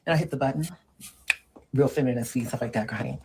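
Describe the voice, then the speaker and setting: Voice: mid-range voice, fast, noisy background, close to an everyday voice. A performer playing a sassy middle-aged woman who lectures on dating in a comedic monologue and keeps calling the listener girl and honey. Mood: sassy lecturing. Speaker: relationship advice monologue.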